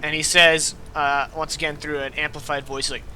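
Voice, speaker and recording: High-voiced game master narrating. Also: male voice, flat delivery, moderate pace, pushed and bright, a little hiss or hum. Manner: loose, filler-heavy narration.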